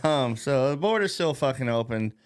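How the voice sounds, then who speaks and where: Give me a mocking, foul-mouthed man of middle pitch who rambles and chuckles at himself while ranting on a podcast. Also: expressive, normal speed. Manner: profane, rambling, laughs at his own jokes. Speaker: podcast host. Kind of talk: casual political rant.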